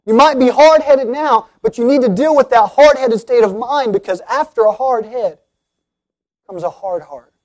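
A man's voice: very high-pitched, a little mellow. A man preaching an earnest sermon, speaking directly to his listeners and rising to emphatic appeals.

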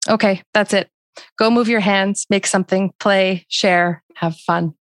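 A woman's voice: mid-range voice, steady tone, a little slow, no echo. Earnest woman hosting an interview. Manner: earnest, emotional, reads aloud softly. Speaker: podcast host. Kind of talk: conversational interview.

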